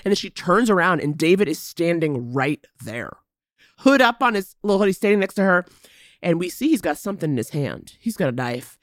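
A woman co-hosts a chatty podcast, recapping a show with dramatic flair. Her voice sits a bit low but swings widely. The sound is close and dry. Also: fairly quick, no room sound. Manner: animated, laughing, dramatic quoting. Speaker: podcast co-host. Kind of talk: casual chat recapping a TV show.

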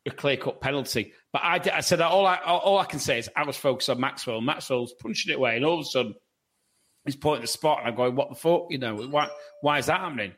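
A man's voice: medium pitch, fast, fairly bright tone. A man on a football podcast panel, rambling with many restarts and question tags. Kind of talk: casual football podcast chat.

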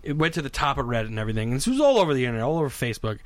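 A man's voice: mid-range voice, racing, no echo. A man telling a story in casual, profane, comedic chat as a podcast co-host. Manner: animated, profane, conversational.

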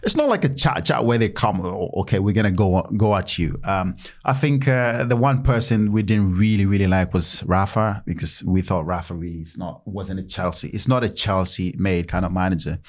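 A man in his thirties talks casually with a fairly low voice, telling dressing-room stories. He swings between mumbled asides and loud acted-out quotes. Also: normal speed, few pauses. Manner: animated, acts out quotes in raised voice. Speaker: guest, former footballer. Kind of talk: casual interview storytelling.

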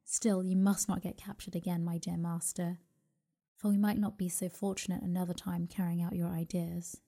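A cheerful little male fairy in a storybook, eager and pleased with his work, as a woman reads him. The voice sits low and mellow, with an even, gentle lilt. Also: moderate pace, gravelly.

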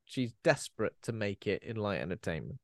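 A man's voice: lowish voice, very animated, a little fast, dry recording. A man co-hosts a podcast, chatting about a horror film in a joking, riffing way and tossing in mock character voices. The recording is dry and close, with no room sound. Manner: jokey, riffs with comic asides and voices. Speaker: podcast co-host. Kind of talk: casual chat recapping a film.

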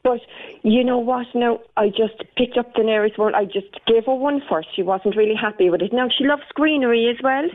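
An Irish woman with a fairly high voice comes through a thin, tinny phone line. She is a florist talking casually on the radio, chatty and rambling with plenty of ums. The call sounds narrow and boxy, like a telephone. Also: a little fast. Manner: chatty, warm storytelling with many fillers.

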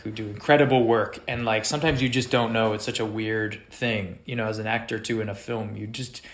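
A man, an actor, talking casually in conversation, halting and searching for words with many restarts. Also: mid-range voice. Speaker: actor guest.

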